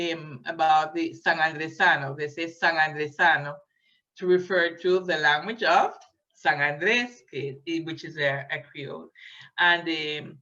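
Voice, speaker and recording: A woman giving a lecture, hesitant and filling pauses, often checking in with her listeners. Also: on the low side, bright, forceful tone. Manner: hesitant, many fillers, checks in with "okay?". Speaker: linguistics lecturer. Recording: dull lo-fi recording.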